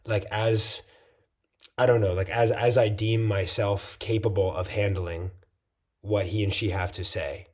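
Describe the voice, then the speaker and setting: A tired man thinks aloud in a casual vlog late at night, circling back with lots of "like"s and restarts. His voice is mellow and husky, low in brightness. He keeps a loose, reflective flow. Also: steady tone, measured pace. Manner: rambling, full of "like" and restarts. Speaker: vlogger.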